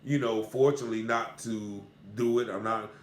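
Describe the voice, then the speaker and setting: A man's voice: lowish voice, fairly even intonation, moderate pace. A man earnestly recounting a personal encounter in a casual, repetitive, conversational way. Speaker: storyteller. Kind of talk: casual spoken account. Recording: roomy echo.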